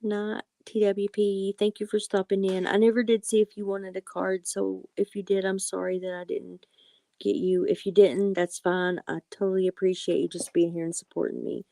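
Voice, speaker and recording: A woman hosts a live card-reading stream in a low, gravelly voice with heavy vocal fry. Her tone is mellow and dark, recorded dry and close. She speaks gently to her viewers, calling them sweetie and honey. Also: little pitch movement, normal speed, no echo. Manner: soft-spoken, affectionate, calls viewers sweetie and honey; apologetic and reassuring. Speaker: livestream tarot and oracle card reader.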